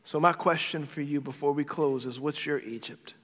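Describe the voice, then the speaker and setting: Man, pastor, sermon, high voice, emphatic, loud then hushed, reverberant hall. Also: moderate pace. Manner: emphatic preaching, swinging from loud to quiet. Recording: long hall reverb with soft background music.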